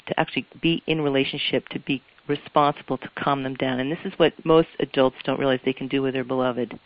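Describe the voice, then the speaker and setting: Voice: mid-range voice, no echo, highs cut off. A couples therapist giving an earnest, explanatory interview answer and often repeating phrases for emphasis.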